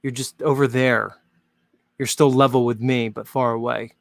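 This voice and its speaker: This Northern Hemisphere man hosts his own show, chatting casually with viewers in a rambling, jokey style packed with "like" fillers. His medium-pitched voice is creaky and flat, moving at a moderate pace. The recording is dry.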